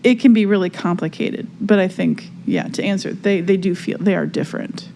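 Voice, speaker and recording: A woman's voice: medium pitch, a little fast, mellow, a little hiss or hum. A woman co-hosting a casual spiritual podcast chat, talking reflectively and searching for words with many fillers. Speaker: podcast co-host.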